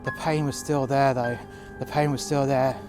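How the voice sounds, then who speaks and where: A man telling a first-person story outdoors in the cold, halting with fillers and breaking into profane outbursts. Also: medium pitch, level tone, music in the background.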